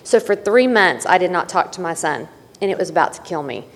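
Middle-aged woman, lower voice, candid testimony with wry humor, long hall reverb. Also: very animated, fairly quick. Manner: candid, folksy, wry asides. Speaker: speaker sharing at a recovery meeting. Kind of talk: personal testimony storytelling.

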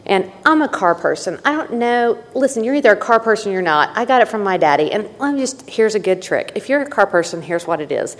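A woman's voice: mid-range voice, lively intonation, fairly quick, few pauses. A middle-aged woman telling her personal story at a recovery meeting, candid and folksy with wry asides. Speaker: speaker sharing at a recovery meeting. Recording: long hall reverb.

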